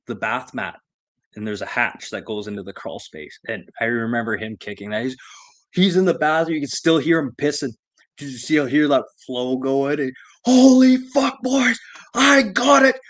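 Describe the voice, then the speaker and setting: A man casually telling a profane story, laughing and animated as he retells it. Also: lowish voice, dry recording.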